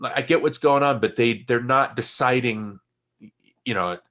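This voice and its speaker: A man's voice: medium pitch, a little slow, a bit bright. Rambling man co-hosting a film podcast. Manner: rambling, many restarts and trailing asides. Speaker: podcast co-host. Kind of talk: casual film discussion.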